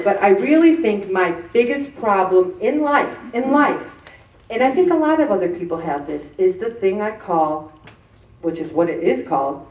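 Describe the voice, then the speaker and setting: A woman giving an animated, joking, self-deprecating faith talk to a group. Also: mid-range voice. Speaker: speaker addressing a group. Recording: echoey room, mic at a distance.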